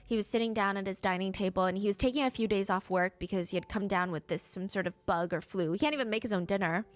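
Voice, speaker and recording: Woman narrating a true crime story. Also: fast talker. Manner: acts out quoted lines with rising pitch.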